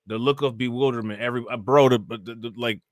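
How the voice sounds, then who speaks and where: A man hosting a casual livestream, ranting in animated, slangy commentary and reading chat comments aloud. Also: mid-range voice, quick pace, dry recording, clean studio sound. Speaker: livestream host reacting to news.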